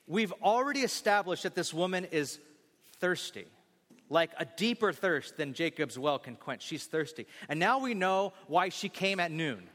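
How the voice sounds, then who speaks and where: A man's voice: on the high side, moderate pace, long reverb tail. A male pastor preaching a sermon in a church, acting out scenes and joking with the congregation. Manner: animated, acts out scenes, jokes with the congregation. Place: church sanctuary.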